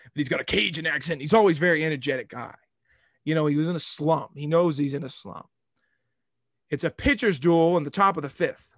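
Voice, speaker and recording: A man's voice: on the high side, a little fast, no echo, clean studio sound. Rambling young man on sports talk. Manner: rambling, animated storytelling. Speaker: sports podcast host.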